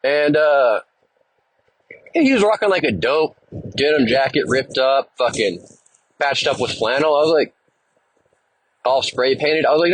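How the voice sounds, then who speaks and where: Man, podcast host, casual storytelling, husky voice, laid-back and profane, dry close recording. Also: mid-range voice, lively intonation, a little slow, long pauses, no echo, poor audio.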